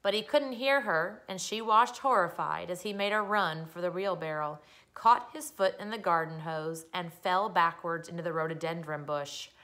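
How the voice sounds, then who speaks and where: Bright woman reading a children's story. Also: fairly low pitch, moderate pace. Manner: expressive, storytelling. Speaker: reader. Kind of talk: children's story read aloud.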